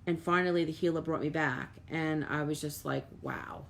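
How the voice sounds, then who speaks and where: Gravelly-voiced woman medium, earnest. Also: deep voice, fairly even intonation, brisk. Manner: earnest and emphatic, with repeated words and frequent "like"; reads out viewer comments and thanks viewers by name. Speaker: intuitive medium hosting a live stream. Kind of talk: casual live-stream talk to viewers.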